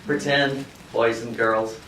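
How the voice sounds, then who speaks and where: A gentle, slow-speaking children's TV host, as a man puts him on soothes an audience of kids. The voice is soft and unhurried. It is heard from across an echoey classroom. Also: mid-range voice, fairly even intonation, a little hiss or hum, pitched below the performer's own voice. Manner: slow, soothing, addresses listeners as boys and girls. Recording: echoey classroom, mic far off.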